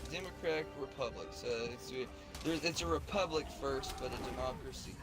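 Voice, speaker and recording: A man's voice: mid-range voice, fairly quick, loud music behind the voice. An American man chatting casually on a stream, rambling and profane, with many restarts. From United States.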